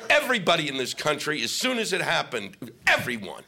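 A man's voice: on the high side, huge pitch swings, brisk, creaky, sharp tone. Ranting, profane stand-up comic man. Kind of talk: stand-up comedy set. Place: live comedy venue with laughing audience. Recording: live set with audible audience noise.

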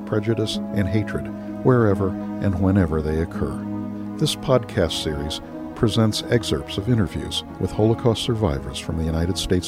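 A man reading a scripted podcast introduction in a solemn, measured way. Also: sits low. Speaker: podcast narrator. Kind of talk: scripted narration. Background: music.

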